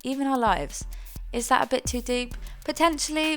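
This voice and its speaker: A woman's voice: high-pitched, moderate pace, faint music behind. A young woman, introducing her podcast in a chatty, earnest way that is a little self-mocking. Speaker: podcast host.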